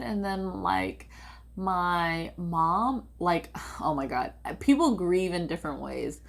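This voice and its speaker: A young woman telling a personal family story in a casual, rambling way, full of "like" and animated quotes of her parents. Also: on the low side, slow pace, creaky. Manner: rambling, heavy use of "like", animated quoting of family.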